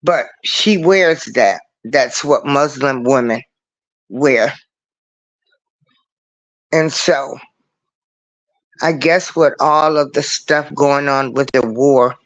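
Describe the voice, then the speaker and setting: A man with a medium-pitched, fairly bright voice hosts a casual livestream show, speaking into a computer mic. He talks earnestly and preachily, repeating his points as he goes.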